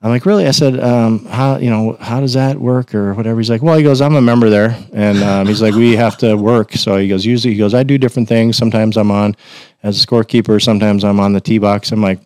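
A man's voice: fairly low pitch, quick pace, clean tone, no room sound. A man telling casual stories as a podcast guest, acting out what others said in a raised voice. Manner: animated, acts out quotes in a raised voice. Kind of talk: casual storytelling.

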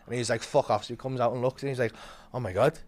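Speaking fast in a mid-range voice, a young man tells a comic story on a podcast, swearing freely and laughing along the way. He's animated and acts out the voices of the people in the story.

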